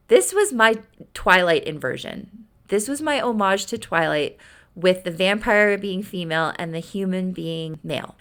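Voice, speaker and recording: A woman's voice: fairly low pitch, fairly bright tone, smooth. A woman host and author casually retelling an old story of hers, chatty and self-mocking.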